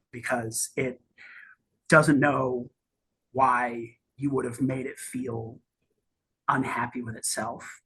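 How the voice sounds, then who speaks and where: A game master narrating a tabletop game in a halting way, with many restarts and fillers. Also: medium pitch, a bit bright, a little hiss or hum.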